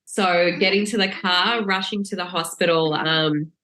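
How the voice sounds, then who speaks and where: A bright-voiced woman tells her birth story casually on a podcast, laughing often and acting out the lines she quotes. Her voice has a roomy, echoey sound. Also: on the low side, moderate pace. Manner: lively, laughing, acts out quoted lines in a raised voice. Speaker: podcast guest.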